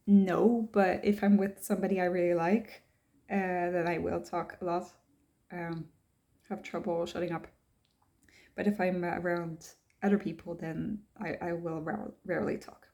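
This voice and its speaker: A woman's voice: lowish voice, little pitch movement, moderate pace, dark tone. A young woman talking casually to camera, hesitant and thoughtful, reading checklist items aloud and then answering them herself. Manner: thoughtful, hesitant, many ums and restarts. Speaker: vlogger.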